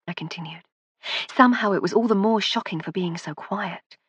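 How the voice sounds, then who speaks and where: Woman narrator, husky, low, dry close recording, measured storytelling. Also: dry recording. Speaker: audiobook narrator. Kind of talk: scripted first-person narration.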